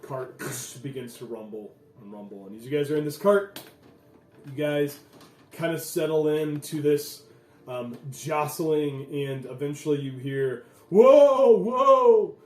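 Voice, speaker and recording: A man running a tabletop game as game master, narrating in a relaxed way with many fillers. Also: mid-range voice, a little slow, soft background music. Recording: echoey room, voice from far off.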